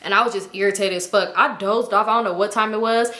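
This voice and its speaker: A young woman telling a story to her viewers in an animated, slangy and profane way. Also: medium pitch, fast, echoey room. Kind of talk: casual storytime.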